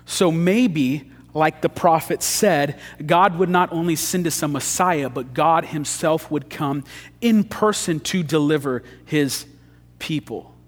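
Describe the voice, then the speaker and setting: A male pastor preaching a sermon, swinging from loud emphasis to hushed intensity. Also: a little high, slow. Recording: long church hall reverb.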